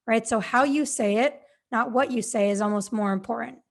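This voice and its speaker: Woman coach with a slightly high voice, talking listeners through simple steps in a direct, encouraging podcast style. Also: normal speed, gravelly. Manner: direct, encouraging, checks in with "right?" and "okay?". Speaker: confidence coach and podcast host. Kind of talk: instructional podcast talk.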